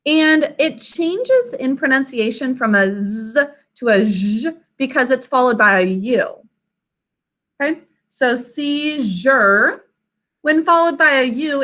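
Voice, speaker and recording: High bright-voiced woman teaching spelling. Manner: patient, slow and careful over word sounds. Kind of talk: online spelling lesson for children. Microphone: video call.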